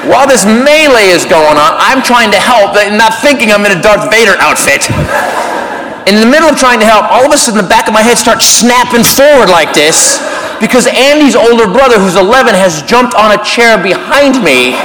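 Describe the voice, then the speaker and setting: High-voiced man telling a stand-up story. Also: normal speed. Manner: animated, acts out voices and sounds. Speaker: stand-up comedian. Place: comedy club stage. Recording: live club, loud crowd laughter and noise.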